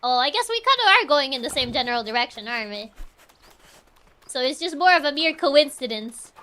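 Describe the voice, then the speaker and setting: Woman streamer, casual game commentary, bright tense tone, talks her thoughts out loud. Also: high voice, animated, brisk. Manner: chatty, thinking aloud, frequent giggles. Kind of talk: casual let's-play commentary.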